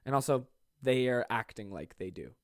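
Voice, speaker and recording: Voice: medium pitch, lively intonation, moderate pace, dry recording, studio quality. A young adult podcast host giving casual, sarcastic, profanity-laced advice to listener questions from a home desk.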